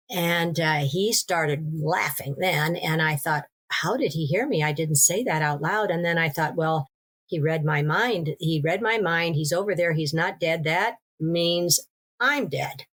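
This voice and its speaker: A woman, a podcast guest and author, telling her story in an interview in a lively way, with restarts. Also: lowish voice. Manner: animated storytelling with laughs and restarts.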